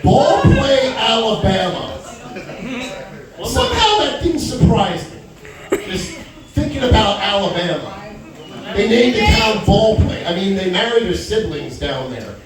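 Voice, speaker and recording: A man performs a brash, crude stand-up set in a small comedy club. His voice is fairly high and swings widely in pitch. He is heard from a distance in a very echoey room with the crowd chattering around him. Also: a little slow. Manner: brash, crude punchlines, animated. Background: audience chatter and laughter.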